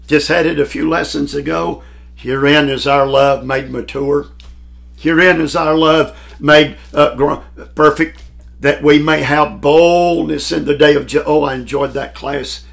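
Slow, gravelly male preacher. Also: on the high side, steady tone, fairly bright tone. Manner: emphatic, dramatic pauses and swells in volume. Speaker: pastor teaching a Bible class. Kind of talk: sermon.

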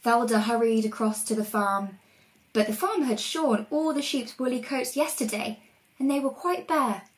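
A woman reading a storybook aloud to children in a lively, expressive way. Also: on the high side, moderate pace, low-quality recording. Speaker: reader.

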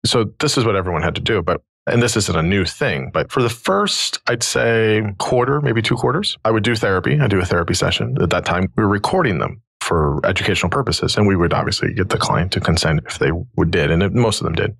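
Podcast host, man, 40s. Low, gravelly voice with a slightly husky edge. Dry, close recording. Conversational storyteller who animates the people he quotes. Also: fast talker, few pauses, dry recording. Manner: animated, acts out quoted dialogue.

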